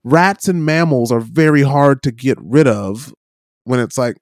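Brief: male co-host, storyteller, acts out quotes, mid-pitched, dry close recording. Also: unhurried, dry recording. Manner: animated storyteller, acts out quoted voices, many "right?" tags. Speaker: podcast co-host. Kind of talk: casual chat, storytelling. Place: lives in New Zealand.

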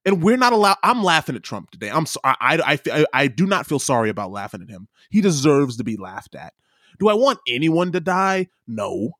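A man in casual podcast talk, his slightly raised voice swinging up and down as he rants. He mocks, stumbles into quick restarts and pushes on. The sound is dry and close. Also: on the high side, dry recording. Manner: animated, mocking, rapid-fire ranting with stammered restarts. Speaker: podcast co-host. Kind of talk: casual political chat.

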